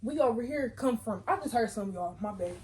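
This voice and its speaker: A young woman vlogger telling a storytime with lively, slangy chatter and quick self-corrections. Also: on the high side, slight background noise. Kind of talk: casual storytime chat.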